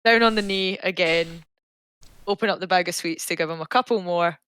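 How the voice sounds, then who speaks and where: A woman playing in a tabletop role-playing game, describing what her character does and speaking her lines in a quiet, solemn tone. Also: on the low side, a little fast, clear, resonant tone. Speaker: player.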